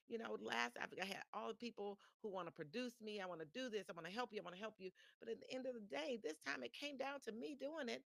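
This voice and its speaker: A woman hosting a motivational live-stream podcast talks chattily in a slightly high, somewhat bright voice with vocal fry. She often circles back on her phrases and restarts. Her voice sounds dry and close, with little room sound.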